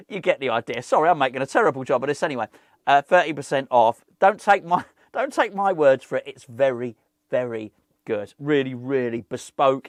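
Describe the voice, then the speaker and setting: A man's voice: mid-range voice, dry recording, studio quality. A man hosting a football fan channel, rambling in casual chat to camera, laughing often and poking fun at himself.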